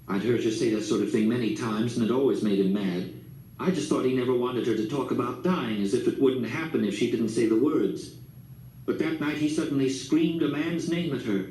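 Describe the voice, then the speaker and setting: Man reading an audiobook, calm and measured, echoey room, mic kinda far. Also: mid-range voice. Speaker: audiobook narrator. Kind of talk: scripted novel narration. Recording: roomy, distant mic, faint background noise.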